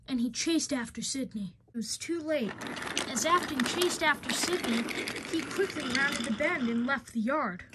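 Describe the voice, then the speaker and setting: High-voiced young woman narrating a toy-train story. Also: animated, unhurried, fairly bright tone, a little hiss or hum. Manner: repetitive, plain phrasing.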